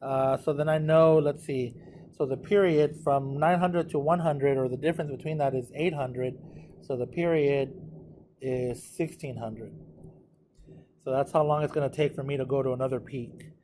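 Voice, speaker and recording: A man's voice: medium pitch, fairly even intonation, moderate pace, mellow, slight background noise. Casual man walking through math problems. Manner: casual, thinks aloud while working problems. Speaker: math teacher. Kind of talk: recorded exam walkthrough.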